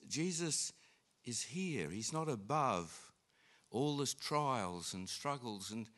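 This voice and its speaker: A man preaching a sermon in an unhurried way, with frequent restarts and fillers. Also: medium pitch, animated, a bit bright. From Australia. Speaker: pastor.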